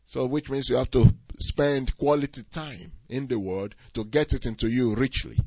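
A man preaching a sermon, swinging from quiet asides to loud, rising exhortation. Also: medium pitch, fairly even intonation, moderate pace, husky, no echo. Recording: dull, slightly lo-fi dry recording.

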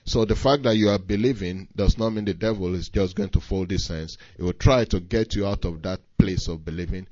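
A man's voice: low voice, fairly quick, few pauses, a little mellow, dry recording, lo-fi sound. A man preaching a sermon, reading scripture and pressing his points with rising emphasis.

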